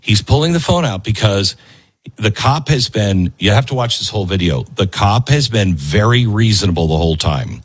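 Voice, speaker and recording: A man delivering opinionated commentary with a lively, up-and-down delivery. His voice has a husky edge, and he hammers his points home by repeating them. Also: on the low side, normal speed. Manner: emphatic, lively, repeats lines for stress. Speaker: commentary show host. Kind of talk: opinionated commentary over a played video.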